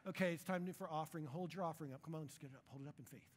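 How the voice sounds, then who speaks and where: A man putting on the voice of a slick, pushy prosperity-gospel preacher, coaxing a crowd with drawn-out, wheedling cadence. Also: a little high, a little hiss or hum, voice pushed down, natural voice. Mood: coaxing showman.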